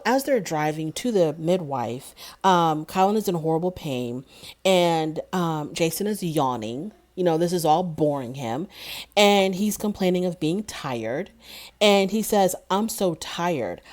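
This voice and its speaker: Low-voiced sarcastic woman reviewer. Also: a little mellow. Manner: sarcastic and indignant. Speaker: TV show reviewer. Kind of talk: casual recap commentary.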